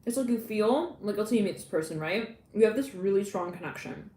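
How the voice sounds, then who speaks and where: A woman giving a live tarot reading in a chatty, excitable way, laughing often and acting out little quoted lines. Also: mid-range voice, brisk, roomy sound, slight background noise. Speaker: tarot reader.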